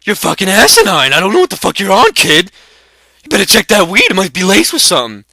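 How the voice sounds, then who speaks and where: A man's voice: sits high, huge pitch swings, fast talker, creaky, pushed and bright, no echo, clean studio sound, voice pushed up, exaggerated voice. A man putting on a brash, crude young bettor. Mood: heated. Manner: crude insulting trash talk. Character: brash profane young male sports bettor.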